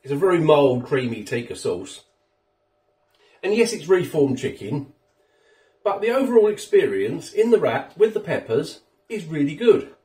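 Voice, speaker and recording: A man's voice: a little high, sing-song, normal speed, warm tone, echoey room, recorded from a distance. A man with a chatty, rambling manner, reviewing food on his home vlog while he eats. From England. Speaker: food vlogger. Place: home kitchen.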